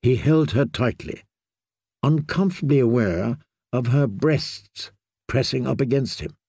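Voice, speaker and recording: A man reading a fantasy audiobook in a measured, steady storytelling manner. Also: mid-range voice, gravelly, husky, dry recording, studio quality. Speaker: audiobook reader.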